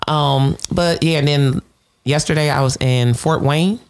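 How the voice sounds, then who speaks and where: A woman's voice: deep voice, measured pace. A woman comedian from Detroit, chatting as a guest in a podcast studio and telling stories with lots of laughter. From Detroit, USA. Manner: animated storyteller, laughing. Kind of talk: casual podcast chat.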